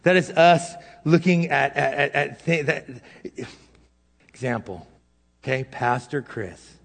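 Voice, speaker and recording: A middle-aged male pastor giving a sermon in a casual, self-deprecating way, swinging between loud and hushed. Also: on the high side, slow pace, vocal fry. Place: church hall. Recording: long hall reverb.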